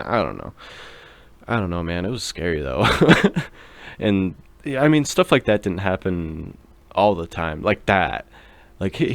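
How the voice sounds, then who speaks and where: Young man, deep voice, podcast host, rambling profane storytelling. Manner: loose and profane, lots of fillers. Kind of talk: casual storytelling.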